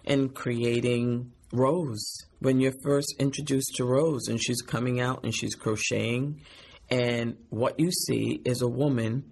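Thoughtful male interviewee, gravelly and breathy. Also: mid-range voice, steady tone, darkish tone. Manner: measured, thoughtful. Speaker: actor being interviewed. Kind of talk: interview answers.

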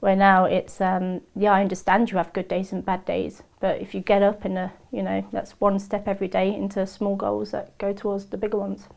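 A woman athlete answers an interview question in a calm, reflective way. Her voice is gravelly with fry and stays very flat in pitch. It is recorded dry and close. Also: a little fast, hardly any pauses. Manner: reflective, steady talk about goals.

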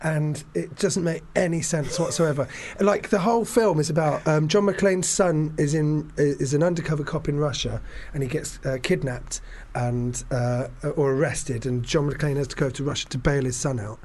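A man in casual film chat on a podcast, animated and acting out quoted lines. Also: on the high side, moderate pace, hardly any pauses. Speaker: podcast co-host.

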